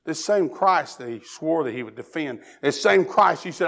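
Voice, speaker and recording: A man from Tennessee with a Southern accent, preaching a sermon that moves from hushed prayer to loud, fervent preaching. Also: on the high side, animated, moderate pace, few pauses.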